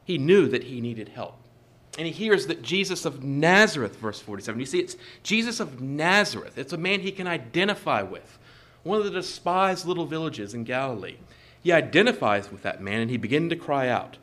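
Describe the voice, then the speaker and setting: Measured male preacher stressing repeated phrases. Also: fairly high pitch, sing-song, a bit bright. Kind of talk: sermon.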